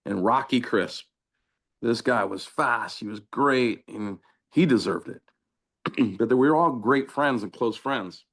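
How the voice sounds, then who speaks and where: A man's voice: medium pitch, slow. A middle-aged man from Southern California, a former pro soccer player, telling stories in a casual interview and acting out the dialogue. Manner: animated anecdotes, acting out quoted dialogue. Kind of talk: casual storytelling.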